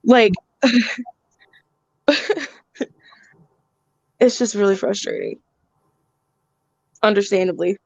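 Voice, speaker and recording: A woman's voice: medium pitch, very slow, vocal fry, long pauses, darkish tone, dry recording, highs cut off. A woman hosting a casual live-stream chat, venting with a lot of swearing and bursts of laughter. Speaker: channel host.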